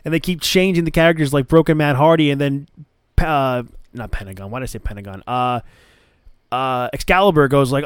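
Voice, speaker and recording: A man's voice: mid-range voice, a little fast, smooth, no room sound, clean studio sound. A man hosting a podcast, retelling a match in casual chat with eager, rambling enthusiasm. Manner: enthusiastic, rambling play-by-play recap. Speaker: podcast host.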